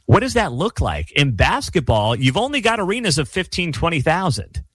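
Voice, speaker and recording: A man's voice: on the high side, very animated, moderate pace, fairly bright tone, slightly rough, no echo. A man hosting his own sports commentary show, ranting emphatically with a sarcastic edge. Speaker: sports talk host. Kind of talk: opinionated solo commentary.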